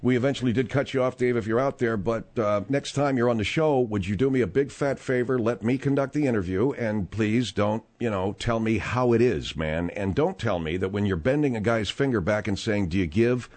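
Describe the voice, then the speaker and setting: A man's voice: on the low side, fairly quick, hardly any pauses, darkish tone. A man hosting a late-night radio talk show, blunt and conversational at a studio mic.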